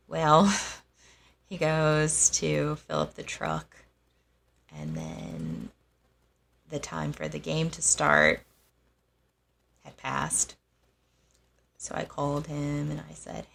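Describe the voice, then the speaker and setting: A young woman with a low voice and a gravelly edge tells her own story. She speaks slowly and haltingly, with her pitch moving widely. She pauses often and talks softly. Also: expressive. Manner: halting, soft-spoken, with frequent pauses and fillers. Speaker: host. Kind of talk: personal storytelling monologue.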